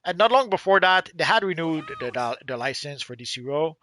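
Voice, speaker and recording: A man's voice: a little high, lively intonation, fairly quick, sharp tone. A man co-hosting a game livestream, chatting casually and rambling, hedging with lots of uhs and restarts.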